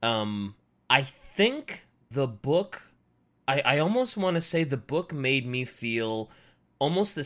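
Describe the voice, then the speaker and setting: A man co-hosting a relaxed book podcast, joining in with casual, cuss-filled remarks. His voice is animated, moving widely in pitch around a middle register. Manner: casual, swears freely. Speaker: podcast co-host.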